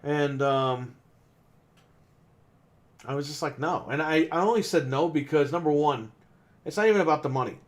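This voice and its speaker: A man's voice: on the high side, moderate pace, long pauses. A man on a podcast telling a long, exasperated story about customers at his game store, swearing often and acting out what people said. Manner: exasperated, swears a lot, acts out quotes. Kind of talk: casual ranting story.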